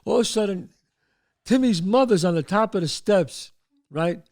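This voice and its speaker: Here a man in his sixties, a Bronx native with a New York accent, hosts a show with a high-sitting voice and a moderate pace. His storytelling monologue about his past is animated, and he shouts out the quoted voices of the people in it.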